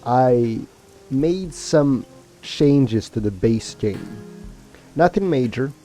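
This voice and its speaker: A man's voice: mid-range voice, lively intonation, very slow, dark tone, faint music behind. A man streaming a video game, chatting casually to his viewers and rambling with fillers and restarts. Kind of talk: casual let's-play commentary.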